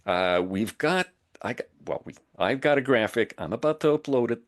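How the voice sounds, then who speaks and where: Lively Montreal man on a live stream. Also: medium pitch, normal speed. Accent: Quebec French. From Montreal, Canada. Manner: lively, laughs often, jokes in French. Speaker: co-host of a live show. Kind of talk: casual live-stream chat.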